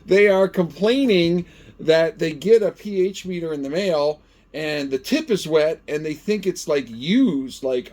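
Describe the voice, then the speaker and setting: A man's voice: fairly high pitch, a little slow. A middle-aged man hosting a gardening vlog, chatting casually and animatedly as he tests a gadget. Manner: chatty and animated, talks to himself while testing. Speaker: gardening channel host. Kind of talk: casual product-testing vlog.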